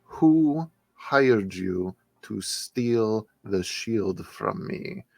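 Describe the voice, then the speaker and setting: A low-voiced man who narrates a tabletop game at an unhurried pace. His delivery is loose and easygoing, with plenty of fillers. The recording is dry and close. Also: expressive, vocal fry, darkish tone, no echo. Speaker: game master.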